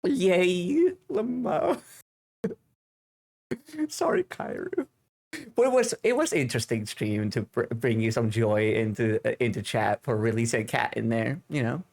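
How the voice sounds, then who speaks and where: A man with a Finnish accent, a native Finnish speaker, chatting casually with his stream chat into a desk microphone at home, with halting English full of fillers. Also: medium pitch, expressive, vocal fry, darkish tone. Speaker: livestream host.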